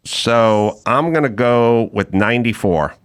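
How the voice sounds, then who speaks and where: A man's voice: medium pitch, takes it slowly, clear, resonant tone. A man hosting a podcast, telling a story in casual chat and acting out the quoted dialogue in big voices. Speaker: podcast host.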